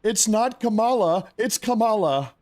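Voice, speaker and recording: A man putting on a voice to mock a pedantic man who keeps correcting pronunciation, high and drawn out. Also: lively intonation, measured pace, a little mellow.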